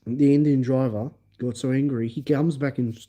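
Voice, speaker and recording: A man hosting a livestream, telling a story in an animated, emphatic way and acting out the scenes. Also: mid-range voice, moderate pace. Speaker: livestream host. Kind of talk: casual storytelling.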